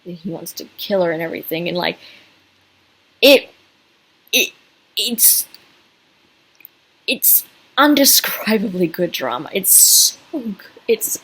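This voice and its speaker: A woman's voice: lowish voice, animated, slow, long pauses, fairly bright tone, breathy edge, poor audio. Gushing woman rambling through a fan review. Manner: gushing, rambling, full of fillers and restarts. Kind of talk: casual video review.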